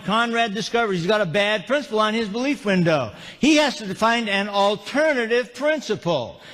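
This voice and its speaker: A man's voice: sits high, a bit bright. A man giving a live seminar talk, telling humorous stories and asking the audience questions. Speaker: motivational speaker. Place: large lecture hall with live audience. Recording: long hall reverb.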